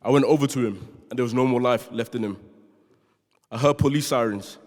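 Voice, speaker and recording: This is an earnest, prepared student speech in a big chapel, delivered by a young man from London who was born in Nigeria and occasionally jokes with the audience. His London English voice is medium-pitched, a little mellow, and fairly quick. A long reverb from the chapel hall fills the recording.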